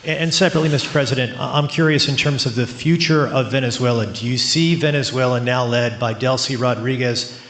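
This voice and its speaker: A man's voice: medium pitch, fairly bright tone. A male reporter with a mid-range voice asks his questions politely, stumbling a little at the start. His voice rings with a roomy echo. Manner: polite, slightly halting. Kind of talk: press question.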